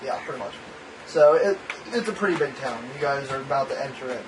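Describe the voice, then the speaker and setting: A man's voice: medium pitch, lively intonation, fast talker. A young man narrating a tabletop game as game master, laughing often and voicing the characters. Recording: distant mic with clear background noise.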